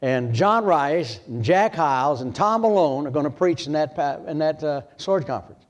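Older male pastor from Michigan, slightly high voice, storytelling sermon that swings from hushed to loud. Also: animated, moderate pace.

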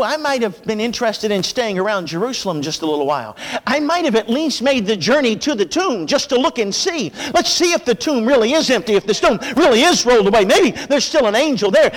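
A man preaching a sermon with impassioned delivery, praying softly and rising with fervor as he expounds Scripture. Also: big pitch swings, a little fast, in a large hall. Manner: impassioned preaching, drops low for prayer. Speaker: pastor.

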